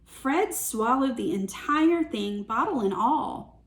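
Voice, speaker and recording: A woman reading a picture book aloud as a teacher, with slow, expressive storytelling. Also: fairly high pitch.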